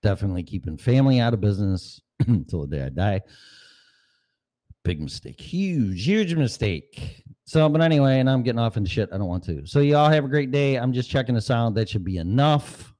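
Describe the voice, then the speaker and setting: A podcast host chatting casually and profanely during a sound check, rambling and often clearing his throat. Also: medium pitch, animated, fast talker, dark tone.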